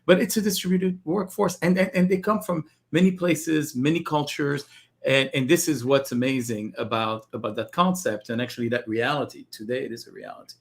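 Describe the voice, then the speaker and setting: A man guest on an interview, explaining technology in a measured way and repeating words as he starts a thought. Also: mid-range voice, fairly even intonation, creaky. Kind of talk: interview answers.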